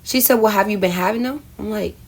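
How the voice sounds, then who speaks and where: A woman's voice: medium pitch, fast talker. Chatty woman telling a storytime. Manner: chatty, addresses viewers as y'all, laughs at herself. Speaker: storyteller vlogger. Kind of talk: casual storytime vlog.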